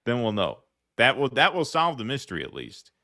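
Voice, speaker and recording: A man's voice: medium pitch, huge pitch swings, brisk, sharp tone, no echo, soft background music. A man co-hosting a casual livestream, reading viewer comments aloud in a dry, sardonic way.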